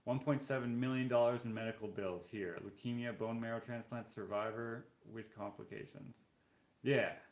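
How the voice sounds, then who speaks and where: A man's voice: medium pitch, steady tone, moderate pace. A Canadian man hosting a live stream, chatting casually as he reads out viewer comments and reacts to them. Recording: roomy echo.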